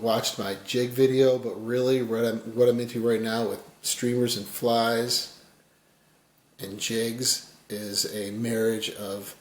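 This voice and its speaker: A man giving a casual fly tying tutorial, rambling and folksy, his voice often dropping quiet as he works. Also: lowish voice, reverberant.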